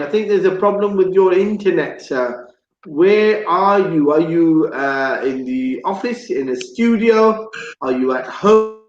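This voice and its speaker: Man hosting a live radio talk show, jokey and repetitive, speaking slowly. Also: high voice, roomy sound, muffled recording. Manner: chatty, jokey, repeats words.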